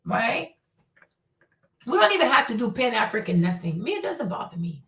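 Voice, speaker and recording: A woman's voice: on the high side, very animated, normal speed, a bit bright. A woman hosting her own show, ranting casually in a blunt, profane, indignant way. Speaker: show host. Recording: roomy sound, mic at a distance.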